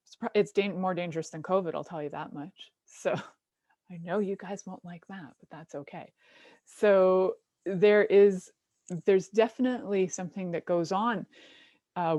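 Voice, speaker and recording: A middle-aged woman hosts a talk show, delivering a casual, animated monologue in a slightly low voice. The sound is close and dry with no echo or room around it. She laughs often and puts on little voices while telling stories.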